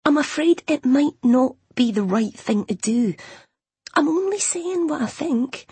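A woman's voice: high-pitched, animated, a little slow, dark tone, no room sound, pitched above the performer's own voice. A woman voicing Jenny, a blunt, exasperated young best friend, in an audiobook. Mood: exasperated, worried. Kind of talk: audiobook character voice.

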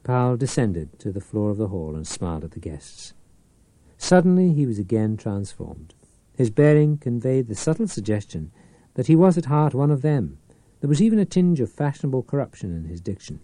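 A man narrating a novel in an expressive, scripted reading. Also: medium pitch, moderate pace, no room sound. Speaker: audiobook narrator.

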